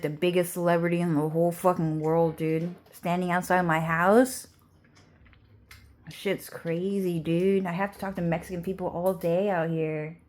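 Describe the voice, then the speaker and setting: Woman, lowish voice, casual vlog rant, profane, rambling, constant "like" and "dude". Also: darkish tone, a little hiss or hum. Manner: profane, fills speech with "like" and "dude". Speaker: vlogger.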